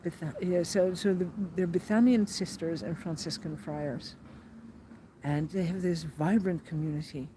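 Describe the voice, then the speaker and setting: A woman with a slightly low, mellow voice talks through her pilgrim's diary in an earnest, rambling way, full of fillers and restarts. A faint hum of background noise sits under the recording. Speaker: pilgrim vlogger. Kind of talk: reflective personal diary vlog.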